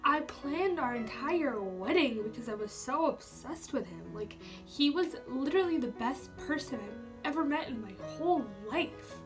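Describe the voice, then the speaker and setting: A woman's voice: high-pitched, expressive, normal speed, hardly any pauses, far from the mic, music in the background. A young woman telling a personal story to camera in a chatty way, full of "like" and casual swearing. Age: young adult. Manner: chatty, says "like" often, swears freely. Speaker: YouTuber.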